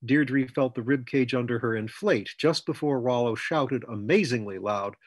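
Male storyteller, husky mid-pitched voice, dry close recording. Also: lively intonation, no echo. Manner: measured storytelling. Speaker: author reading his story. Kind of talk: scripted narration.

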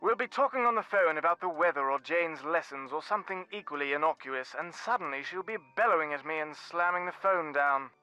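A formal, well-spoken lord of a manor, measured and faintly exasperated. His voice sounds bright and dry in a game. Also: fairly high pitch, clean tone, no echo, soft background music, rough recording.

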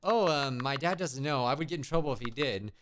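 A man's voice: mid-range voice, lively intonation, fairly quick, a bit bright, slight background noise, natural voice. A man reading the lines of a shy, innocent young scarecrow boy, in an earnest way. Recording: game music behind.

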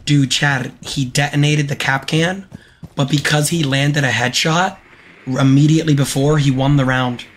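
Excitable young-sounding male gamer streaming. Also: on the high side, normal speed, slight background noise. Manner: excitable, repeats phrases, self-hyping. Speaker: game streamer. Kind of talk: live-stream gameplay commentary.

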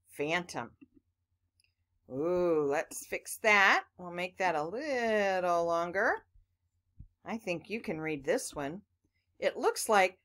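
A woman's voice: lowish voice, fairly bright tone. A woman teaching children phonics, patiently sounding out words letter by letter and talking to the class as boys and girls.

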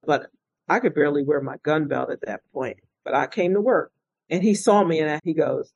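Recounting her life as an interview guest, this retired state police officer speaks earnestly and reflectively, livening up when quoting people. The middle-aged woman's low voice carries a breathy edge at a moderate pace, captured in a rough recording with no room sound.

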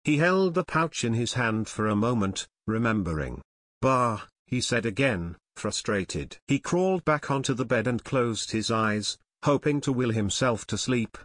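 A man narrating a children's fantasy chapter book in steady scripted narration, as author and reader. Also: medium pitch, normal speed, few pauses, no echo, clean studio sound.

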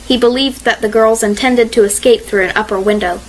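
A woman narrating a mystery audiobook in a measured, expressive reading style. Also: fairly high pitch, breathy edge, poor audio.

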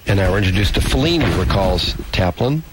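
Animated American radio host reading aloud. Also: male voice, quick pace. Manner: animated reading, acts out quoted lines in a high voice. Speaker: radio morning show host. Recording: home cassette recording of a radio broadcast, faint hiss.

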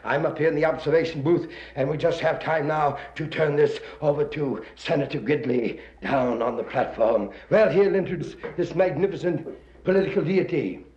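Comic monologue man: high, lively announcer voice, roomy old lo-fi sound. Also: normal speed. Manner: announcer patter with shouted cheers. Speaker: comedian. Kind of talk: comic parade commentary monologue. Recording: roomy dull old recording.

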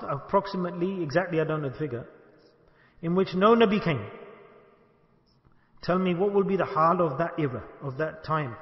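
A man giving a sermon, asking his listeners questions and acting out little dialogues. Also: high voice. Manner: rhetorical, asks the audience questions and acts out dialogue. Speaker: sheikh giving a religious talk. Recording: echoey hall, dull lo-fi sound.

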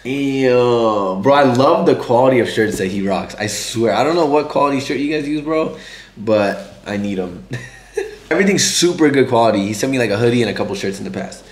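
Hoarse man vlogging casually. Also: mid-range voice, lively intonation, fairly quick, roomy sound. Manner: laid-back, slangy, keeps saying bro and guys. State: hoarse, losing his voice. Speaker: car vlogger. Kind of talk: casual vlog chat.

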